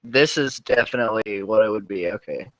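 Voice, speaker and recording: Bright, teasing man in podcast banter. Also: on the low side, brisk, dry recording, low-quality recording. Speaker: podcast co-host. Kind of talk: casual chat.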